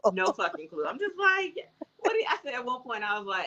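A woman's voice: on the high side, big pitch swings, quick pace, pushed and bright, lo-fi sound. A woman co-hosting a podcast in casual chat, blunt and joking, swearing freely. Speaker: podcast co-host.

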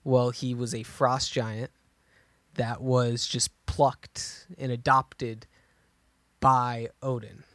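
A man's voice: medium pitch, little pitch movement, drawn-out words, a bit bright, no echo. A man co-hosting a podcast, chatting casually and thinking aloud as he goes, with many restarts. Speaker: podcast co-host. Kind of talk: casual chat.

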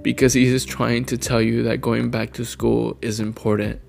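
A man in his twenties, crying as he speaks earnestly to his younger self, with long pauses. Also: mid-range voice, little pitch movement, vocal fry, a little mellow, soft background music. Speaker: vlogger.

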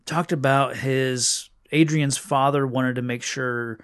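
A man's voice: medium pitch, steady tone, slow pace, a bit bright, no echo, studio quality. A man talking in casual discussion, hesitant and searching for his words. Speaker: podcast co-host.

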